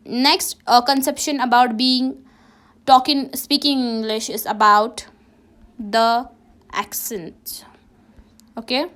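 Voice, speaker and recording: A woman's voice: fairly high pitch, fairly bright tone. A woman teacher with a Ladakhi accent, giving a classroom lesson and checking in with "okay?" after nearly every sentence, often restarting and correcting herself. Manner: many restarts and self-corrections.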